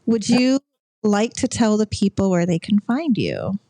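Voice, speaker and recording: A woman hosting a podcast, bubbly and quick to laugh, wrapping up a casual chat. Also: medium pitch, wildly swooping pitch, dark tone, no echo. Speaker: podcast host.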